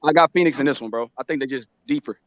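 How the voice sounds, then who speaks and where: A man rattles off his takes at a rapid clip, his voice sitting a little high. His mic sounds dull and dry, as if picked up on cheap gear. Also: dry recording. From Houston, Texas. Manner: rapid, excitable, slangy. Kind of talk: casual live chat.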